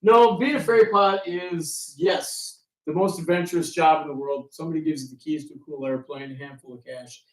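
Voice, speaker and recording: Ferry pilot telling tales to a crowd, higher male voice, animated, heard from a distance in an echoey room. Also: a little fast, hardly any pauses. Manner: animated anecdotes, acting out quoted exchanges. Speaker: ferry pilot and author giving a talk. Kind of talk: storytelling talk to an audience. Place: room with an audience.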